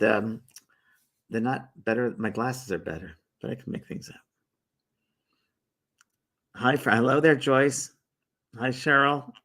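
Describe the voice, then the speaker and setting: Gravelly-voiced man hosting a livestream. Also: medium pitch. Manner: relaxed and rambling, with many fillers and restarts. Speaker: host of a spiritual livestream. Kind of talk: casual livestream chat greeting viewers. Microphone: phone or webcam held by the speaker.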